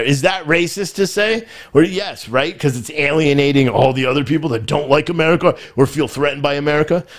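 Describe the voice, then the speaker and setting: A man's voice: on the high side, a little fast, few pauses. A man hosting a live political commentary show, talking in a frustrated, rambling way and often repeating himself. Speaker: podcast host.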